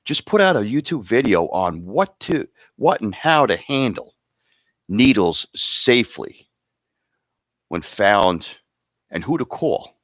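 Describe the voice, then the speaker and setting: A man's voice: fairly low pitch, very animated, slow pace, fairly bright tone, dry recording. A man hosting an awards show, rambling and joking casually between announcements. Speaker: host presenting awards.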